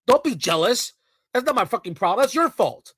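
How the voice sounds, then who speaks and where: A man's voice: extremely high pitch, sing-song, fairly quick, fairly bright tone, breathy edge, no room sound, poor audio. A man ranting in a heated, profane reaction commentary, full of mocking and sarcastic asides.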